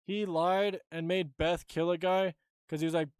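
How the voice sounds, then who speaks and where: Casual male streamer, high clear voice, dry close sound, blunt rambling delivery. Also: level tone, unhurried, dry recording. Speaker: streamer host. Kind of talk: casual live-stream chat.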